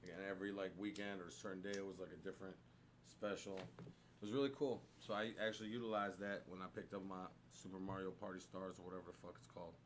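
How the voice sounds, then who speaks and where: A man's voice: low-pitched, fairly even intonation, fast talker, very noisy. A man co-hosting a casual podcast chat, rambling with lots of fillers and restarts. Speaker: podcast co-host. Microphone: studio microphone.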